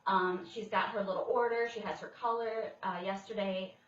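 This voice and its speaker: A woman in her thirties, a guest in a casual chat, telling stories in an animated way. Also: medium pitch, normal speed, slight background noise. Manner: animated storyteller. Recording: echoey room, distant dull mic.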